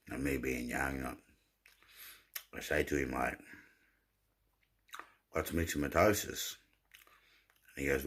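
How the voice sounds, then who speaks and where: A man's voice: extremely low pitch, steady tone, takes it slowly, creaky, long pauses, fairly bright tone, slightly rough. A man, rambling and telling jokes in a laid-back way, often repeating his words. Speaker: vlogger. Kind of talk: rambling casual storytelling.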